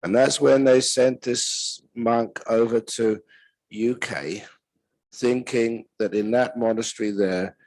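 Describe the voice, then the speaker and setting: A man, a Buddhist monk teacher, giving a retreat talk with gentle, unhurried storytelling and pauses. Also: mid-range voice, fairly even intonation, dry recording, low-quality recording.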